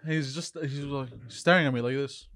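A man co-hosting a podcast, telling a story in animated casual chat with swearing. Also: mid-range voice, normal speed, dry recording. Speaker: podcast co-host.

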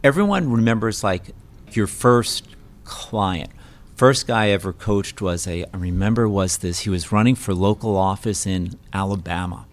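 A male interviewer in a relaxed conversational style, steering the talk with quick asides. His voice is a touch on the low side. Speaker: interview host.

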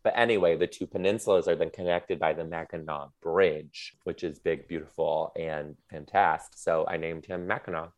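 A man chatting casually as a podcast guest, telling quick stories full of "like". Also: sits low, steady tone. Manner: quick, chatty storyteller with many "like"s. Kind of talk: casual chat.

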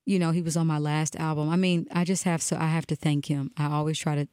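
A woman with a notably low voice recounts an anecdote in a casual interview. She acts out each line of dialogue. The sound is dry and close, with no room echo. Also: quick pace, clean tone. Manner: animated storyteller who acts out dialogue. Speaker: musician telling a story in an interview.

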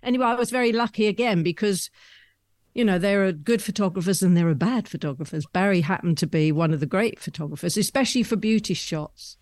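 A woman's voice: mid-range voice, fast talker, no echo, studio quality. Chatty woman in her 70s. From London, England. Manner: chatty, rambling storyteller with frequent soft laughs. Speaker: guest. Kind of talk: conversational anecdotes.

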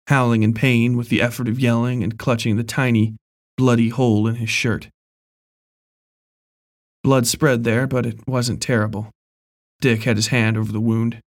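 A man reading a horror story aloud in a measured, even storytelling voice. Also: medium pitch. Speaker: narrator. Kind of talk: scripted horror story narration.

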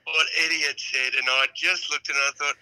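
An Australian man with a very bright, forceful voice that sits a little high. He tells a long yarn in broad slang and laughs his way through it, and he sounds like he is coming in over a call. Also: fairly even intonation, brisk, clear, resonant tone, low-quality recording. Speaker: podcast guest. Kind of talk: casual storytelling chat.

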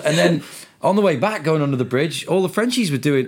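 A man from England hosting a podcast, chatting and telling stories briskly. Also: on the high side, animated. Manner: chatty, quick storytelling. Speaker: podcast host. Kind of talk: casual podcast chat.

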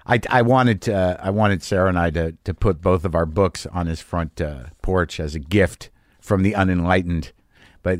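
A man's voice: lowish voice, dry recording, clean studio sound. A man hosting a podcast, telling a story in a casual, profane, worked-up monologue. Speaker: podcast host.

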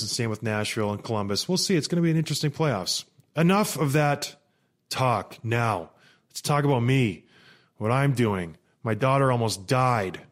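A man in his thirties telling a story in a casual, animated, exasperated monologue. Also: medium pitch. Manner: animated, exasperated, rambling with restarts. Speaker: vlogger.

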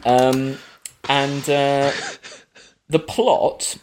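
A man's voice: mid-range voice, steady tone, drawn-out words, a little hiss or hum. A middle-aged man hosting a casual film podcast, chatty and jokey. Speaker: podcast host.

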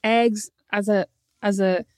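A woman's voice: medium pitch, fairly even intonation, a little mellow, dry recording. A young pregnant woman, teasing and telling stories in casual podcast chat. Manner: teasing, storytelling with quick quoted voices.

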